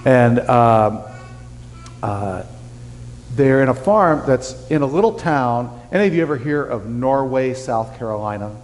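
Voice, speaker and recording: A man's voice: mid-range voice, lively intonation, a little slow, a little mellow, slight background noise. A male pastor giving a folksy, conversational sermon, talking directly to his congregation with casual asides. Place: church sanctuary. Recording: church sanctuary with long reverb.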